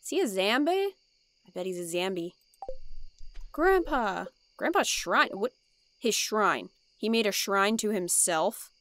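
A woman's voice: medium pitch, moderate pace, a bit bright. A woman casually narrating her gameplay, chatting and exclaiming at the characters on screen. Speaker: let's play gamer.

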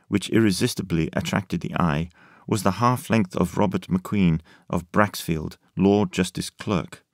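Deep-voiced male audiobook narrator. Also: dry recording, clean studio sound. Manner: measured, deliberate reading. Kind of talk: scripted narration.

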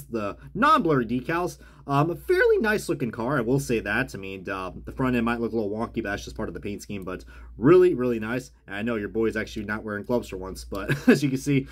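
A man casually reviewing die-cast cars as he unboxes them, chatty and rambling, often correcting himself mid-sentence. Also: medium pitch.

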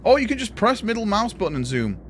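A man's voice: high voice, very animated, fast talker, a little hiss or hum. A man casually chatting and swearing while streaming a video game, calling his viewers "boys" and thanking them.

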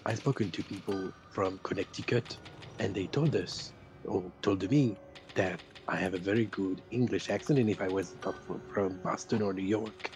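A man's voice: deep voice, normal speed, darkish tone, soft background music. A French man with a French accent, chatting at length while playing a co-op game. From France. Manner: chatty, explains at length, playful. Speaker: co-op player. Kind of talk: casual gaming chat.

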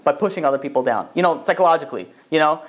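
Fast-talking rabbi giving a class. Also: male voice, on the high side. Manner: animated, acts out quoted voices, many restarts. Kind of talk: Torah class lecture.

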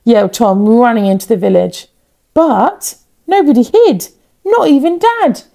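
Woman, teacher, children's read-aloud; slow, lively delivery with a gravelly edge. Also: on the high side. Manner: expressive, builds suspense with repetition. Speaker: teacher reading a picture book aloud.

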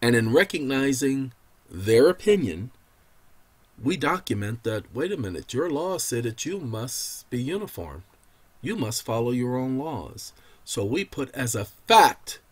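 Husky, fervent man lecturing like a preacher. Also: medium pitch, very animated, measured pace. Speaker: channel host giving legal advice.

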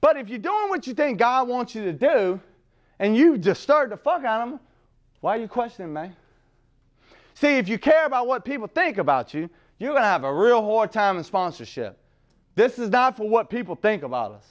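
A man's voice: high voice, very animated, normal speed. A middle-aged man speaking at a recovery meeting, rambling and blunt, swearing freely and laughing at himself. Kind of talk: profane, blunt recovery talk.

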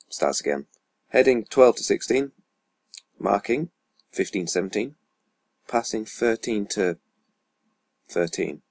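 Lowish and darkish in tone, the voice belongs to a man playing a football management game for YouTube, with no room sound. His commentary is casual and rambling; he reads out stats and keeps swearing and muttering asides under his breath.

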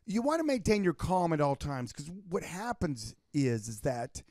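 A man in casual podcast chat, animated and storytelling, acting out the people in his stories. His voice sits a little high. The sound is dry and close to the mic. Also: moderate pace, dry recording. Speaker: podcast co-host.

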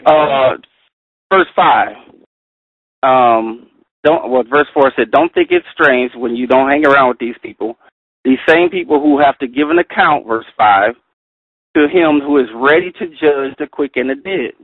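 A middle-aged man leading a Bible study, reading verses slowly and carefully, then telling personal stories with animated delivery. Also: medium pitch, no echo. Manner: animated storyteller, reads scripture slowly and carefully. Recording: tinny phone line, dry.

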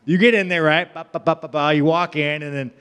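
Profane, rambling man with a high-ish voice. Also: steady tone, brisk, fairly bright tone, clean tone, in a large hall. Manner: profane, rambling, laughs between lines. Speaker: fighter at media day. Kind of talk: casual storytelling to reporters. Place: media day event hall.

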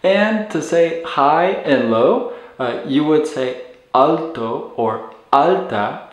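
A man's voice: mid-range voice, animated, takes it slowly. A man teaching medical vocabulary, patiently explaining and repeating words so learners can follow their pronunciation. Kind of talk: instructional explanation. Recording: roomy echo.

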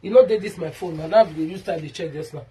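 A woman's voice: lowish voice, fast, dark tone, husky. A woman with a Nigerian Pidgin accent ranting in a vlog monologue, heated and repetitive as she calls someone out by name. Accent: Nigerian Pidgin English. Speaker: vlogger.

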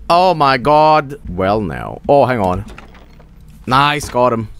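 A male streamer giving excitable live commentary on a game, laughing and shouting exclamations. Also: medium pitch, slow pace, soft background music.

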